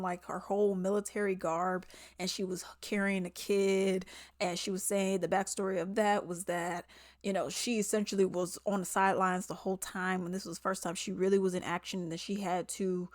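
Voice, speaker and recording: Give me a woman casually reviewing a film, animated and mimicking characters, recorded dry and close. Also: medium pitch, no room sound. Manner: animated, mimics characters in quotes, laughs often. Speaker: movie reviewer.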